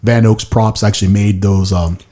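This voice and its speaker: On his podcast, a man with a lowish, warm, steady voice tells rambling stories at a moderate pace. He says "like" constantly and slips into silly put-on voices.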